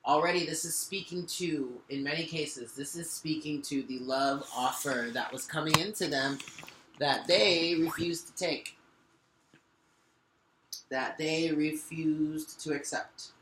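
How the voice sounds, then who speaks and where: A man's voice: on the high side, steady tone, unhurried, pushed and bright, a little hiss or hum. A man giving a spoken tarot reading, talking earnestly and directly to the listener while shuffling and laying out cards. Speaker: tarot reader. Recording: echoey room.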